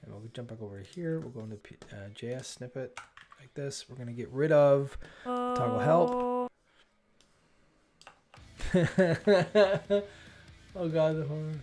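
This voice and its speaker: A man's voice: on the high side, animated, a little mellow. A man hosting a coding livestream, thinking aloud, often breaking off mid-sentence and exclaiming when something works. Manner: chatty, self-interrupting, quick to exclaim at results. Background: faint background music.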